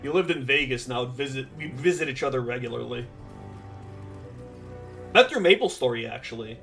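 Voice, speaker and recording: A man's voice: medium pitch, animated, a little fast, gravelly, a bit bright, faint music behind. A man streaming a game and chatting casually with viewers, rambling with plenty of fillers and dry sarcastic asides. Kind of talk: casual gameplay chat with viewers.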